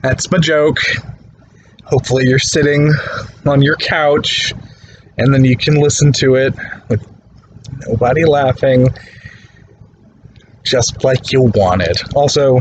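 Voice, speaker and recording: A man recording a slow, deadpan video message from his bedroom on a phone. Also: a little hiss or hum, poor audio. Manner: slow, deadpan, low-key.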